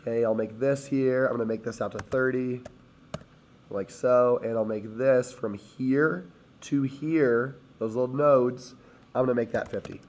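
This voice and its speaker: Hoarse man walking through a CAD tutorial. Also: medium pitch, fairly even intonation, unhurried, darkish tone, a little hiss or hum. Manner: step-by-step, talks while clicking. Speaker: teacher. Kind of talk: screen-recorded CAD tutorial.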